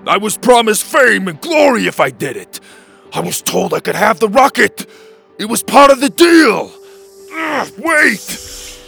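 A man's voice: high-pitched, sing-song, measured pace, vocal fry, pushed and bright, soft background music, voice pushed up, heavily acted. A man voicing a muscular, furious male villain prisoner in a storybook, roaring with indignation. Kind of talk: storybook character voice.

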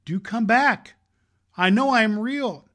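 Guy doing a tiny toy bunny voice, high and pleading, bright tone. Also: very animated, normal speed. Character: small toy velveteen rabbit, shy, longing.

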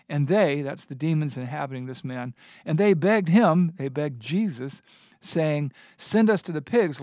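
A man's voice: fairly high pitch, darkish tone, no echo. Earnest man teaching scripture, dry sound. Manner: earnest, emphatic, reads scripture aloud. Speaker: Bible teacher and host. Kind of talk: scripture teaching in a studio discussion.

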